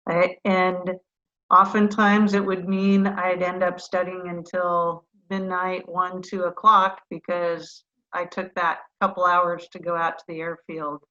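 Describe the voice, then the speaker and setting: A middle-aged woman, a retired fighter pilot, telling animated, self-deprecating stories as a guest in a video-call interview. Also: fairly low pitch, measured pace, highs cut off.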